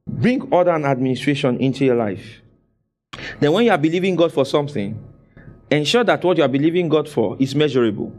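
A man preaching a sermon, exhorting his congregation with call-and-response and repeating phrases for emphasis. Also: mid-range voice. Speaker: pastor.

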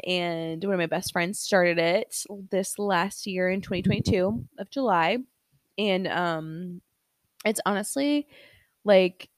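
A woman's voice: mid-range voice, no room sound. A young woman from the American Midwest, a hairstylist, chatting casually as a podcast guest with lots of "like" and "um" fillers. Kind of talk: casual interview chat.

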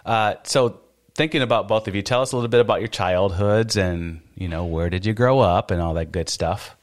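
Host: a man with a lowish voice, cheerful, laughing easily with guests. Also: a little fast. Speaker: podcast host. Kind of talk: casual interview chat.

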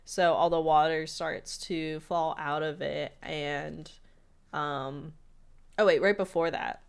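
A young adult woman co-hosts a laid-back podcast, walking through a cartoon episode scene by scene. Her voice sits a little lower than most women's, and she slips into quick playful voices for the characters. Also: creaky, smooth. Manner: animated episode recap, acting out character lines. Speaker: podcast co-host. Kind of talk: casual rewatch podcast chat.

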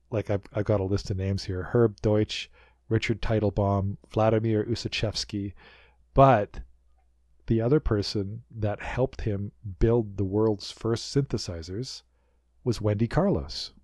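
A man co-hosting a podcast, chatting in a rambling, animated way as he recaps a show. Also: fairly low pitch, no room sound, clean studio sound. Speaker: podcast co-host. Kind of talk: casual recap chat.

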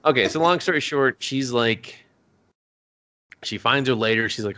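A man's voice: medium pitch, normal speed, bright, forceful tone. A young man co-hosting a podcast, casually recapping an anime episode in a rambling, profane way, laughing often. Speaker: podcast co-host.

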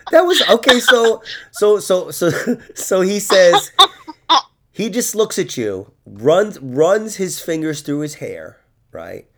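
A podcast host trades crude, teasing banter, swearing freely and laughing as he goes. His voice is gravelly with a rough edge to it. His pitch leaps up and down as he talks. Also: sing-song, slow, fairly bright tone.

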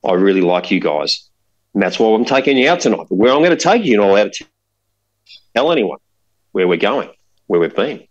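An odd, cryptic male guide speaks in a low, secretive murmur, as a storyteller lends him his voice. His tone sits slightly deep and hushed, sharing strange secrets in the dark. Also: sing-song, a little fast, long pauses, lo-fi sound. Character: odd, intense older male local guide.

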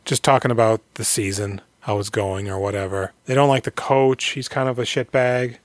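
A man co-hosting a casual podcast, retelling a movie plot in a rambling, deadpan way with some swearing. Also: mid-range voice, normal speed, no room sound. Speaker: podcast co-host recapping a movie. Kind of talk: casual chat.

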